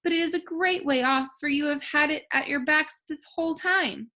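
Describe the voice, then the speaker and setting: A tiny mouse queen with a squeaky, high little voice, as a teacher reads her, quick and kind. Her voice sits well above the narrator's. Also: sharp tone. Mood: kindly.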